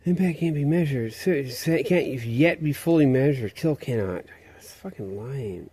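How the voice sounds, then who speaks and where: A man's voice: mid-range voice, animated, normal speed, mellow, breathy edge, no echo. Rambling profane man. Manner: profane, meandering, conspiratorial. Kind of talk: rambling monologue.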